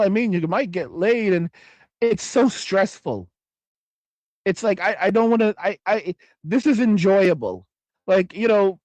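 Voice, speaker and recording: A man's voice: sits high, dry recording. A man in his forties hosting a livestream, talking bluntly and profanely in a rambling way, with frequent restarts. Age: 40s. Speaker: livestream host. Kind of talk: casual ranting livestream.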